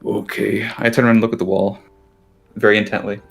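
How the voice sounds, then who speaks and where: A man's voice: lowish voice, little pitch movement, fast, creaky. A man playing a tabletop game, making dry, wry remarks in casual talk. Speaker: player.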